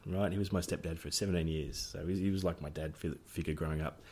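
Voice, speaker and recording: Middle-aged Australian man, deep and husky, casual podcast storyteller. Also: steady tone, quick pace, dark tone. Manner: jokey, laughs often, acts out family members' voices. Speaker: podcast co-host.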